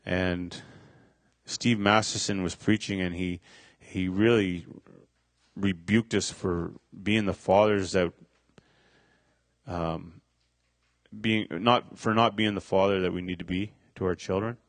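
Low-voiced man giving halting testimony. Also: steady tone, no echo. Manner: halting, many fillers and restarts. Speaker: speaker sharing a testimony. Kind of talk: personal testimony.

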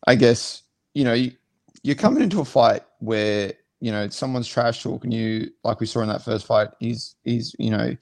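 Aussie fighter co-host, gravelly voice, dead dry mic, rambles and repeats himself. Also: male voice, mid-range voice, darkish tone, no room sound. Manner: rambling, repeats words while thinking aloud. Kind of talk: casual fight analysis.

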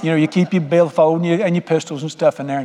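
A middle-aged man preaches a sermon in a fairly high, warm voice, steady in tone and fast in pace. He tells stories in a folksy manner and often puts questions to his listeners. A long reverb fills the sound, as in a big church hall.

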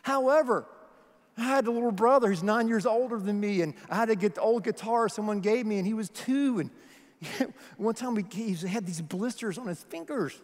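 A man's voice: high voice, moderate pace, long reverb tail. A middle-aged man preaching a sermon, emphatic and conversational, firing off questions at the congregation. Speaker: pastor.

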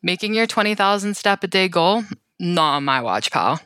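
A woman's voice: fairly low pitch, expressive, moderate pace, a bit bright, smooth, no room sound. A woman reading a sarcastic, theatrical recap with a wry comic edge. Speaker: podcast co-host. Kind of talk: comedic scripted recap narration.

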